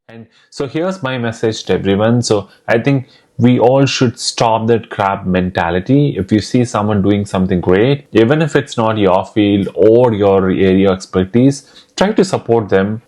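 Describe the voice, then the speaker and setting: A man's voice: deep voice, a little mellow. A man from India, giving earnest advice straight to camera in a vlog. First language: Telugu. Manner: earnest, urging. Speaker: vlogger.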